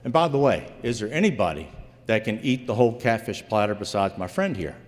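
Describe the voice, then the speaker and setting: A man's voice: lowish voice, animated, fairly quick, big-room sound. A man from Virginia, a former investigator, telling a true story live on stage in a folksy way, calling the audience folks.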